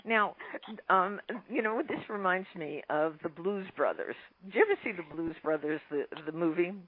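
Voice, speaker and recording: Woman interviewer on a tinny phone line. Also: lowish voice. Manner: measured, prompting questions. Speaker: radio interviewer. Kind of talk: radio interview.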